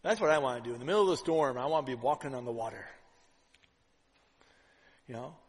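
A pastor delivering a conversational sermon, full of "right?" asides, swinging between loud and hushed. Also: male voice, mid-range voice, expressive, quick pace, breathy edge, big-room sound, low-quality recording.

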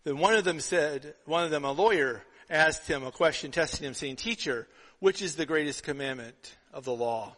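A middle-aged man preaching a sermon as pastor, telling stories and acting out the dialogue with lively energy. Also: fairly high pitch, moderate pace. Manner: storytelling, animated with acted-out dialogue. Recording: long reverb of a hall.

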